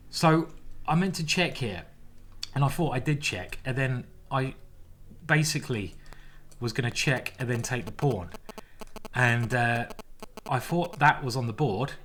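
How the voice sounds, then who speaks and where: A man, a chess grandmaster, giving lively, self-mocking live commentary on his own games as he plays them. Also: medium pitch. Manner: animated, exclaiming, self-mocking banter.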